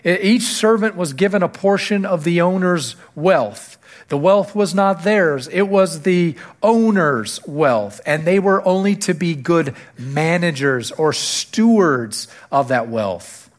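A man's voice: a little high, expressive, takes it slowly. A male pastor delivering a sermon to his church, repeating key phrases and lifting his voice to stress them. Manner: preaching with rising emphasis on key phrases.

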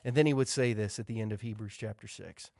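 A man's voice: on the low side, fast talker, gravelly, darkish tone, no echo. Emphatic preaching man, dry sound. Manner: emphatic preaching, driving points home with repetition. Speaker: pastor. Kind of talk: sermon.

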